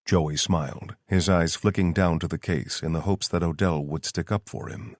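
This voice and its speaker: A man reading an audiobook in steady, scripted narration. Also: sits low, normal speed, hardly any pauses, no echo, clean studio sound.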